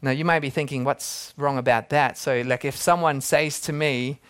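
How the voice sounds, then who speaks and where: A man's voice: medium pitch, fairly even intonation, normal speed, fairly bright tone, clear, resonant tone, no room sound, clean studio sound. A man, preaching a sermon in a casual, joking way and laughing often. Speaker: pastor.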